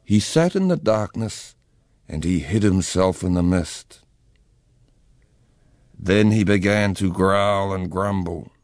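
A man's voice: deep voice, animated, slow, long pauses, a little mellow, no room sound, studio quality. A man telling a legend aloud in a dramatic storybook reading. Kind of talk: storybook narration.

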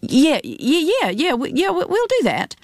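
A woman's voice: high voice, huge pitch swings, normal speed, dry recording, studio quality, pitched above the performer's own voice, exaggerated voice. A woman doing a stammering, evasive son. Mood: flustered. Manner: stammering, hesitant. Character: evasive, flustered young adult son. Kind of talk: radio reading of a novel.

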